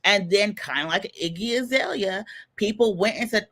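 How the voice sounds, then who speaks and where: A man's voice: high-pitched, moderate pace, pushed and bright. A man co-hosting a podcast who explains his views emphatically, building arguments through lists and repetition. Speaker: podcast co-host. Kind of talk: explanatory commentary.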